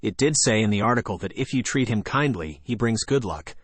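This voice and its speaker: Low-voiced man narrating a horror story. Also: expressive, brisk, slightly rough, dry recording.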